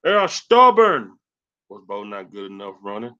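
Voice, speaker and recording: A man hosting a sports livestream, ranting angrily and cursing, swinging between loud rants and low mutters. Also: sing-song, normal speed, clear, resonant tone, highs cut off. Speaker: sports channel host. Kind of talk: profane livestream sports rant.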